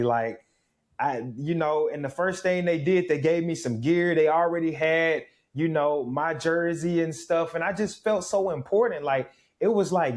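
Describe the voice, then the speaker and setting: A man in his thirties from Mississippi, a guest in an interview, telling his story with reflective, animated energy. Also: a little high, normal speed. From Mississippi, USA. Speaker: guest, former pro football player.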